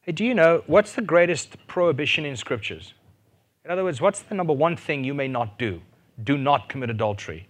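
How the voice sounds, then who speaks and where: A man preaching a sermon, animated, rising to loud fervent peaks and asking his listeners questions. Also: a little high, fairly quick. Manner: asks the audience questions and jokes.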